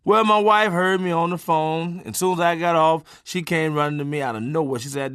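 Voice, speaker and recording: A man telling a comic story from his own life, animated and profane, swinging from loud bursts to low asides. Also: fairly quick, smooth, no room sound, clean studio sound.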